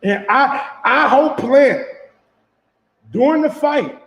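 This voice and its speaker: A man's voice: very high-pitched, animated, slow pace, creaky, a bit bright. A man commenting casually on boxing footage, loose and profane, repeating himself and putting questions to his viewers. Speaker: sports commentator reacting to footage. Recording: echoey room.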